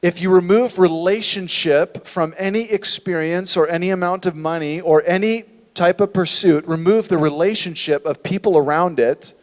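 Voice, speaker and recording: A man's voice: a little high, in a large hall. A man preaching a sermon as a church pastor, conversational and full of rhetorical questions. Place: church sanctuary.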